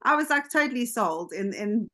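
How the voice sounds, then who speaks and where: A woman on a video call telling her own story in a lively, chatty way, slipping into quoted dialogue. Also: fairly high pitch, normal speed. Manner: animated, jumps into quoted dialogue. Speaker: team member sharing her story on a call. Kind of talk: casual storytelling.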